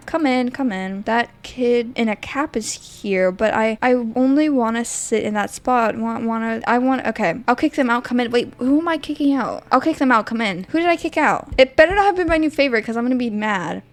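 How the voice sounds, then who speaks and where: A young woman chats through a game in excitable let's play commentary. Her voice sits on the higher side and she talks in quick, chatty bursts. She breaks into squeals at anything cute. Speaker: gaming channel host.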